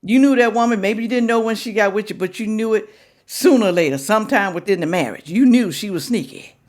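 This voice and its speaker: A woman's voice: mid-range voice, a little fast, darkish tone. A woman hosting a reaction video who lectures and scolds, repeating her points for emphasis. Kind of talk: reaction commentary.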